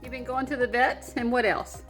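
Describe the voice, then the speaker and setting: A woman's voice: a little high, fairly even intonation, moderate pace, a bit bright, faint music behind. A woman, hosting a crafting vlog at home in a bubbly, giggly way. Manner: bubbly, giggly, sweet-talking. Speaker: papercraft channel host. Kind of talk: casual vlog chat.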